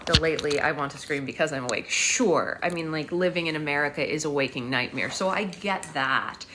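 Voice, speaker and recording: A woman's voice: deep voice, brisk, bright, forceful tone, slight background noise. A young woman hosting a casual live stream at home, rambling to her viewers and slipping into sing-song baby talk with her daughter. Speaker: live-stream host and mother.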